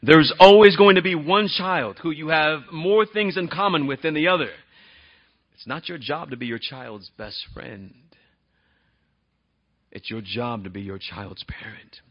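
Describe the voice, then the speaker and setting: A man's voice: fairly high pitch, a little slow, muffled recording. A male pastor preaching a sermon in a conversational way, often asking the congregation questions.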